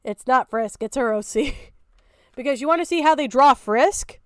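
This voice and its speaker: A young woman streaming her reaction, talking in a high, bright voice with blunt, profane exasperation. Her complaints often climb into shouting disbelief. The sound is dry and close, with no room echo. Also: normal speed. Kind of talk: casual reaction commentary.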